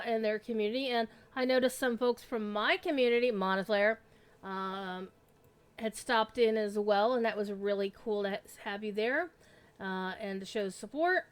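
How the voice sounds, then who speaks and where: Streaming an online RPG, a woman with a fairly high, fairly bright, clean voice talks easily to her audience and her pet. Her live-stream chat is casual, and she doesn't shy away from swearing.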